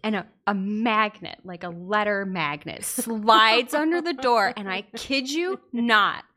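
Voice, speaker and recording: A woman co-hosting a podcast, telling a story in casual chat, animated and laughing often. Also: medium pitch, measured pace. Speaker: podcast co-host.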